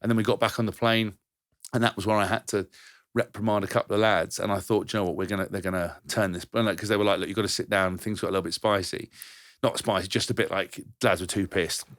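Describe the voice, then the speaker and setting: A lower-voiced man tells rugby-tour stories at a quick clip, swearing and restarting as he goes. The recording is dry and close, with no room sound. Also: fairly even intonation, fairly bright tone, no room sound. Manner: rambling anecdotes, swears freely, frequent restarts. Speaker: podcast co-host, former rugby player. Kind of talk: casual storytelling chat.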